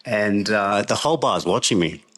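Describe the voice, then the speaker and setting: Guesting on a podcast, this laid-back Australian man in middle age wanders through a lengthy anecdote at normal speed. He speaks in a lowish voice and keeps breaking into laughter.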